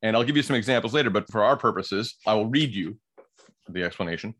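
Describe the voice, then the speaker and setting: A man's voice: on the low side, animated, fast, a bit bright. A man co-hosting a podcast, explaining word origins in casual banter, laughing often and reading passages aloud.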